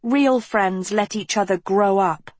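A woman's voice: mid-range voice, slow, no room sound. A woman voicing a fierce young girl who hisses her words with cold scorn.

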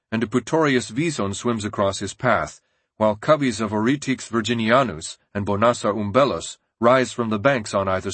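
A man reading a nonfiction audiobook in a steady, measured narration. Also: lowish voice, slightly rough, no room sound.

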